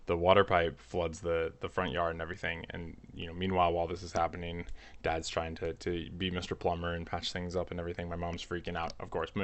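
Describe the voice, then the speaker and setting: A man's voice: low voice, fairly bright tone. A man telling a comic family story in a rambling, nervous way, full of restarts. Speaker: channel host.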